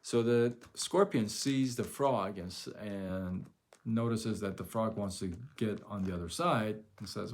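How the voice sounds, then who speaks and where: A man hosting a live stream, telling a story casually in a rambling, animated way, full of fillers and restarts. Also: fairly low pitch, a little slow.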